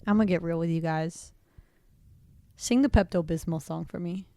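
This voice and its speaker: A young woman co-hosting a podcast, chatting in an animated, rambling way with bursts of excitement. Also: fairly low pitch, moderate pace, dry recording. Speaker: podcast co-host. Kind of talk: casual chat.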